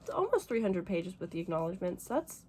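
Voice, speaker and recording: A woman's voice: on the low side, slight background noise. Teary, gushing young woman book vlogger. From United States. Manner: gushing, emotional and excitable; fast, rambling with many fillers. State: teary, emotional. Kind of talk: casual vlog chat.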